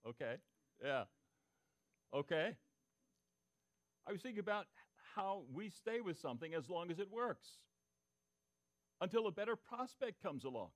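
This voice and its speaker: Pastor preaching, voice pitched fairly high. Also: male voice, big pitch swings, measured pace, long pauses. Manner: interactive, asks the congregation for answers; repeats key phrases for emphasis. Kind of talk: sermon.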